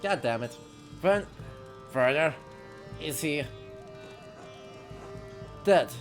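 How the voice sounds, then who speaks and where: A man's voice: on the high side, lively intonation, very slow, pauses often, soft background music. A man streaming a game as a historian, thinking aloud in chatty, self-deprecating commentary. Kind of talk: casual let's-play commentary.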